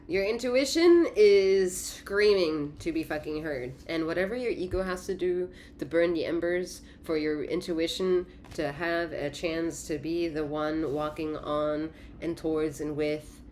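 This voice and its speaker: Low-voiced profane woman reading tarot. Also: measured pace, slight background noise. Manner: profane, laughing, animated. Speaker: tarot reader.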